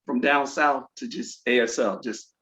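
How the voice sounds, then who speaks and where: A man in the audience reacting warmly and trailing off mid-sentence over a video call. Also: medium pitch, fairly even intonation, a little slow, a little hiss or hum, rough recording. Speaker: audience member.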